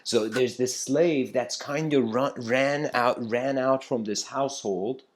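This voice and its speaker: A man's voice: medium pitch, slow, slight background noise. A man giving a spiritual talk, retelling an old story in a loose, conversational way with many fillers and restarts.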